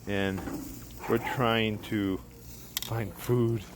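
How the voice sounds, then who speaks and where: Outdoors at a barbecue, a man casually tells a long personal story in a lowish voice with fairly even intonation, speaking very slowly. He rambles, corrects himself, and drops the odd curse word, with background noise audible.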